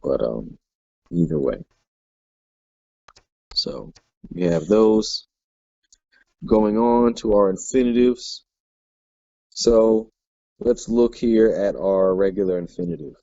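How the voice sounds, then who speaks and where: A man teaching a Hebrew grammar class in a relaxed way, with lots of fillers and restarts. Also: fairly low pitch, slow pace, gravelly, pauses often, dry recording. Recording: dull lo-fi class recording.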